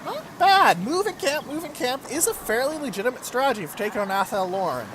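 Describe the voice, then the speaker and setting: A man gives casual, chatty commentary over a let's play of his strategy game, swearing now and then. His voice is very high and very animated, the pace fairly quick, with background noise behind him.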